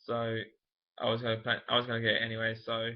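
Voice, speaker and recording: A young man talks straight to camera, candid and meandering, often stopping to correct himself. His voice sits at an ordinary middle pitch. The sound is a little dull and lo-fi, like a home video. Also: completely flat delivery, quick pace. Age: late teens. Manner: rambling, many fillers and self-corrections, candid. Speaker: vlogger. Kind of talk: casual personal storytelling to camera.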